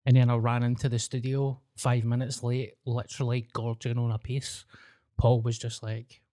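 On a podcast he co-hosts, a Scottish man chats casually in a mellow, mid-range voice, keeping his delivery flat and his speed normal. He's blunt and jokey and swears freely.

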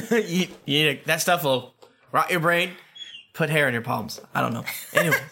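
A man chatting at a tabletop game session with a bright tone. He jokes and swears offhandedly with his friends. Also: fairly high pitch, moderate pace, gravelly, a little hiss or hum. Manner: joking, swears freely, offhand. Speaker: player. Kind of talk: casual banter during a tabletop game.

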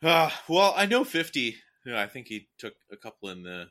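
A young man in his twenties chatting casually, loose and profane, and excitable when telling a story. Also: mid-range voice, fairly quick. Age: young adult.

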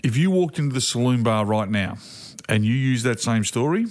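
Australian male podcast co-host, teasing yarn-spinner, mid pitch, easygoing banter. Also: expressive, moderate pace. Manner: teasing storyteller, laughs while talking. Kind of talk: casual banter.

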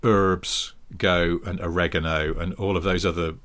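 A man in his thirties from England, co-hosting a casual chat and joking playfully, now and then jumping into high squeaky voices. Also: moderate pace. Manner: playful, jokey, animated with sudden high put-on squeals. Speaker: podcast co-host.

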